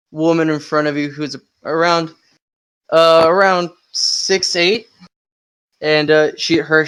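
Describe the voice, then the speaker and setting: A man playing a tabletop game over a voice call, describing his character slowly with many pauses. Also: on the high side, fairly bright tone, smooth. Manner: slow, hesitant, laughs at himself. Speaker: player. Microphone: computer mic on a voice call.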